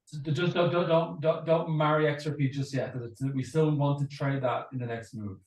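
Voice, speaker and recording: A man's voice: fairly high pitch, steady tone, fairly quick, darkish tone, reverberant, distant mic, rough recording. A man with an Irish accent, explaining his upcoming course modules in a breezy, explanatory way. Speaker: crypto course teacher.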